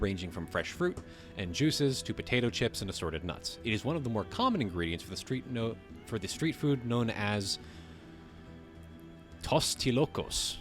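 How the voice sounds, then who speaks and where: A man hosting a livestream, reading a text aloud and breaking off to riff on it casually, swearing now and then. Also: lowish voice. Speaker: livestream host.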